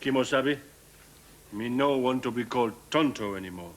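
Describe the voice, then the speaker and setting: An actor playing an earnest, politically correct Native American sidekick who speaks in clipped broken English. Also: male voice, mid-range voice, normal speed, close to an everyday voice. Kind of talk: sketch comedy acting.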